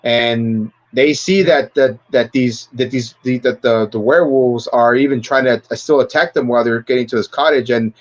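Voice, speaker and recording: A man's voice: medium pitch, moderate pace, few pauses, dull audio. A man hosting a livestream, casually retelling a film in a rambling, profane way and laughing often. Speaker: livestream host. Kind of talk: casual movie discussion.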